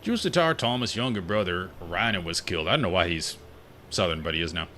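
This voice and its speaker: A man's voice: low voice, lively intonation, a little fast, pushed and bright, a little hiss or hum. A man voicing a chatty male trader from a fantasy game, passing on rumors in an offhand way. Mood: gossipy.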